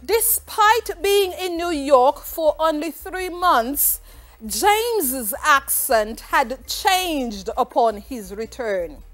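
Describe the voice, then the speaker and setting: A woman's voice: high voice, big pitch swings, very slow, a bit bright, full character voice. A woman teacher putting on a foreign accent to read exam options aloud, drawn out and emphatic. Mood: playful.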